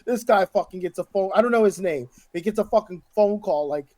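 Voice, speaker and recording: A man co-hosting a podcast in casual chat, profane and animated, acting out other people's voices when he tells a story. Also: sits high, fast talker, crowd noise. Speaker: podcast co-host.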